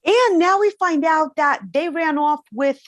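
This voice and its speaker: A woman's voice: sits high, unhurried, no room sound. A woman co-hosting a podcast, chatting about a TV show in an amused, easygoing way. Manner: amused, chatty, laughs easily. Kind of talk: casual TV review chat.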